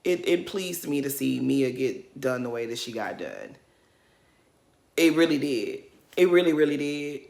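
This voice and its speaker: A woman's voice: a bass voice, big pitch swings, unhurried, vocal fry, darkish tone. A woman giving casual reaction commentary, blunt and sassy, laughing as she rants. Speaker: reality TV commentator.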